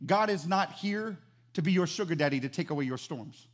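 A man preaching a sermon as pastor, animated and emphatic, repeating phrases for emphasis. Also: on the high side, fairly quick.

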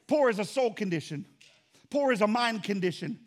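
A man with a high-pitched voice preaches a sermon from the pulpit. He builds his points through repetition and swings between loud, emphatic lines and quieter asides. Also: expressive, moderate pace. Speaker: pastor. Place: church.

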